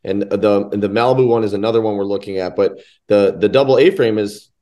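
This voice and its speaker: A man's voice: fairly low pitch, a little fast, warm tone. A man hosting a business podcast, asking questions eagerly and passionately. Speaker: podcast host. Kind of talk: podcast interview.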